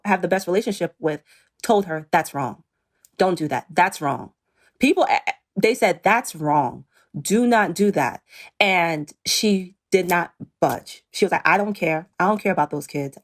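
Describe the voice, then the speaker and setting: A middle-aged woman, a reality show cast member, talking earnestly and pointedly in an interview, acting out what others said. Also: medium pitch. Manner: earnest, pointed, quotes others in lively voices. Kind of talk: emotional interview talk.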